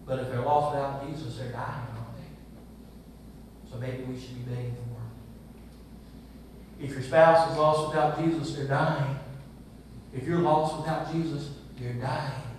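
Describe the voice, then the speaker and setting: A man delivers a sermon with a high-pitched voice, often turning to the congregation with rhetorical questions. He sounds distant from the microphone, and the church around him is heavily echoey with faint background noise. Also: a little mellow. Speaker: pastor. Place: church sanctuary.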